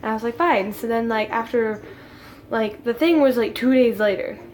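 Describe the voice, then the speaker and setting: Teen girl vlogger, casual rambling storyteller, high-ish voice, giggles often. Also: moderate pace, darkish tone, slight background noise.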